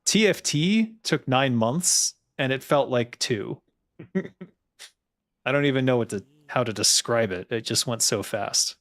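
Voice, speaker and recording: A man's voice: mid-range voice, animated, slow, a bit bright. A man chatting casually as he plays through a game, laughing often and poking fun at himself. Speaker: game designer streamer. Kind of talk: casual gameplay commentary.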